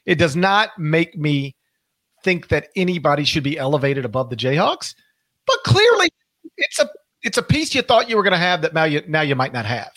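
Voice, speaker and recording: With a sing-song, slightly high voice that's a bit bright, a middle-aged podcast host speaks at a moderate pace in a dry, echo-free recording. His casual talk rambles and self-corrects, with emphasis placed on key words.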